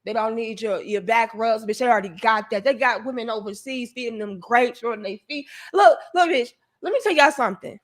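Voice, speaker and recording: A woman's voice: on the high side, brisk, hardly any pauses. A woman hosting a livestream, delivering an emphatic, profane, preachy rant to her viewers. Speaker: livestream host.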